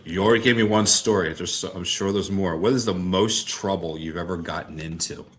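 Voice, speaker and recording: A man's voice: deep voice, a little fast, a bit bright. A man hosting a live-stream interview, asking brief, encouraging questions. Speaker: host.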